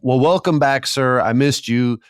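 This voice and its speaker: A man's voice: mid-range voice, measured pace, smooth, no echo, clean studio sound. A man hosting a podcast, telling stories casually and acting out the people he quotes. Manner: animated storyteller, acts out quoted voices. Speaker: podcast host. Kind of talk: casual storytelling chat.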